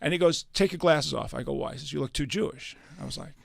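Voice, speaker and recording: Gravelly older New man telling stories. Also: a little high, fast, no echo. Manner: animated storyteller acting out quoted dialogue. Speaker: guest musician. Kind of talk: storytelling in a radio interview. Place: radio studio.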